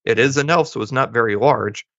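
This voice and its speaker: Recounting a film's story on a podcast he co-hosts, this man tosses in the characters' lines as he goes. He talks a little fast in a slightly bright mid-range voice, and the recording is dull, lo-fi, and dry with no echo.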